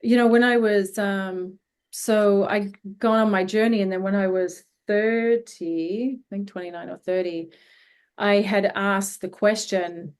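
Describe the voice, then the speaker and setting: A woman's voice: medium pitch, fairly even intonation, a little slow, a little mellow, clear, resonant tone. Earnest woman telling a story. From Australia. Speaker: hypnosis healing practitioner guest. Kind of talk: interview storytelling.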